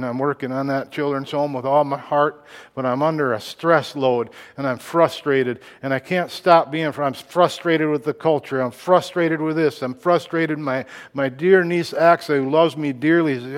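A man preaching a sermon, moving from quiet reflective lines to loud emphatic outbursts, laughing now and then. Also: on the high side, steady tone, moderate pace, big-room sound. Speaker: pastor.

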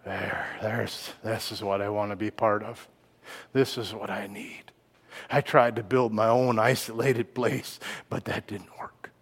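A man preaching a sermon, moving from quiet reflective lines to loud emphatic outbursts, laughing now and then. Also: lowish voice, little pitch movement, measured pace, slightly rough, big-room sound. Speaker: pastor.

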